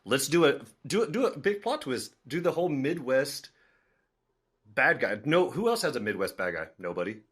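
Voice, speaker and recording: Casting: mid-pitched podcast host, dry and laid-back. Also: male voice, big pitch swings, normal speed, a bit bright, husky. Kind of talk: casual podcast banter.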